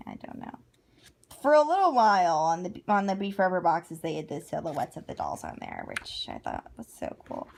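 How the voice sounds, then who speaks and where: Woman vlogger, casual and chatty, reads aloud and gushes with quick asides. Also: mid-range voice, gravelly. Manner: chatty and gushing, with frequent asides and self-corrections. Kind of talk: casual chat while reading aloud from a book.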